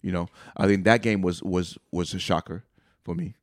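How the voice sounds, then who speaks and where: A man co-hosting a casual sports podcast, arguing his picks with quick stumbling restarts. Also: low voice, gravelly, no room sound, studio quality. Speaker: podcast co-host.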